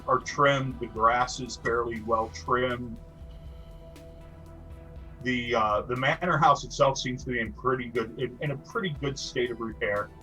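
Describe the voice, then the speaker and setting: Bright-voiced male game master. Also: mid-range voice, low-quality recording. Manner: describing scenes with restarts and fillers. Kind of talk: narrating a tabletop game.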